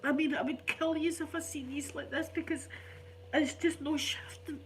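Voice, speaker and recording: A middle-aged Scottish woman, ill and congested, telling stories in an animated, chatty way. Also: high-pitched, normal speed, very noisy. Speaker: vlogger. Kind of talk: casual storytelling chat.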